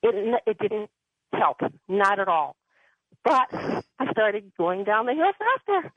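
A woman on the phone tells a long, wandering story about her own life, chatty and laughing often. Her medium-pitched voice has a slow, sing-song lilt, and the telephone audio has no echo.

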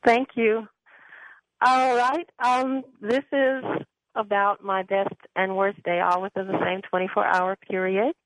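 A woman's voice: medium pitch, little pitch movement, a little slow, no echo. A woman caller telling a rambling personal story, laughing now and then, heard over a phone line. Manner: chatty, rambling, laughs often. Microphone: telephone.

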